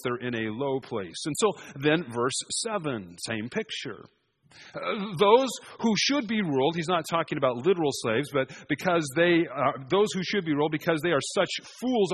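A man preaching an expository sermon, shifting between emphatic raised passages and quiet asides. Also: on the high side, slightly rough.

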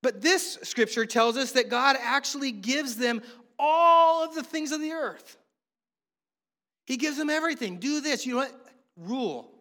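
A man's voice: very high-pitched, bright, forceful tone, big-room sound. A middle-aged man from the United States preaching a sermon in a conversational way, weaving in humorous family stories. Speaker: pastor.

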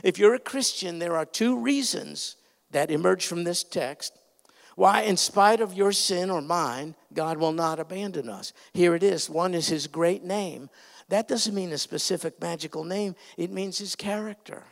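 High-pitched gravelly preacher man in a hall. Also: measured pace. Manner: earnest, emphatic preaching with sudden loud swells. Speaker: pastor. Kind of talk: sermon. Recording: reverberant hall sound.

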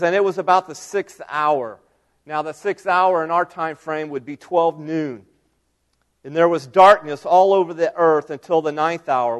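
High-voiced man preaching with drama. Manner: dramatic storytelling, swings from loud cries to hushed near-whispers. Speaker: pastor. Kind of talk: sermon.

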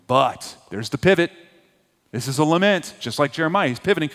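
A man preaching a sermon as a pastor, swinging between loud emphatic peaks and hushed, low passages. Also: animated, a little fast. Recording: long hall reverb.

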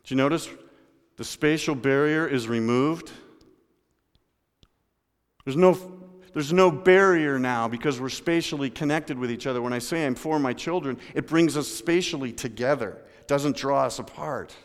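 A male pastor preaching to his congregation in a church sanctuary, his voice landing at an ordinary middle pitch. He swings from loud, punchy emphasis down to quiet, intimate asides and calls on listeners by name. A long hall reverb trails behind every phrase. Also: moderate pace. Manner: dynamic preaching, swinging from loud emphasis to low hushed tones; addresses congregation members by name. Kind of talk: sermon.

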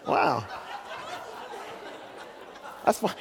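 A man's voice: drawn-out words, big-room sound. An older man preaching a sermon as pastor, telling folksy stories with joking asides.

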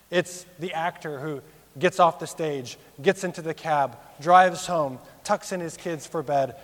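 A man in his thirties preaching a sermon, rising sharply for emphasis and dropping low and quiet on serious points. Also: big-room sound. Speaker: pastor.

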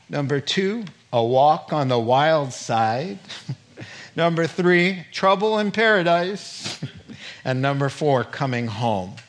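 A male pastor preaching a sermon in a folksy, animated way, often laughing as he goes. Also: mid-range voice.

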